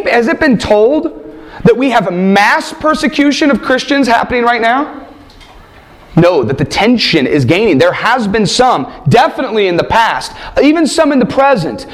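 A man teaching a Bible class, asking rhetorical questions and stressing points emphatically. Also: high voice. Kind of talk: classroom lecture.

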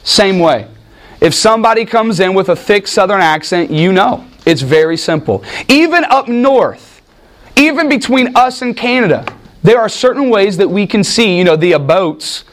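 A man leads a Bible study sermon in a fairly high voice. He keeps it lively with jokes and quick questions thrown out to his listeners. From United States. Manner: animated, jokey asides, asks the room questions. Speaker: preacher teaching a Bible study. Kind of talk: teaching sermon with audience questions.

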